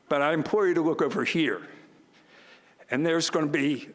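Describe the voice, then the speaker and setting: A man's voice: a little high, a little fast. An older man giving a commencement speech, telling folksy stories with self-deprecating humor from a podium. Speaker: student commencement speaker. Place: large ceremony hall. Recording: long reverb of a large hall.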